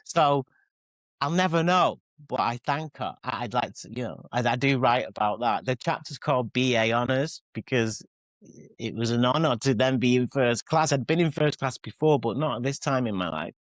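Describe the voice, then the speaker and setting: This English guest, a pop singer and author in his forties, speaks with a Mancunian accent in a mid-range, animated voice at moderate speed. His interview stories are candid and self-mocking, full of restarts, tangents and acted-out quotes, captured on a dry recording.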